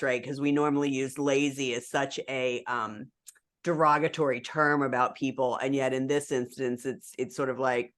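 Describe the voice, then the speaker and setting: A woman's voice: a bass voice, fairly bright tone, clean tone. A woman in her forties co-hosting a podcast in casual chat, reflective and thinking aloud with fillers. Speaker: podcast co-host.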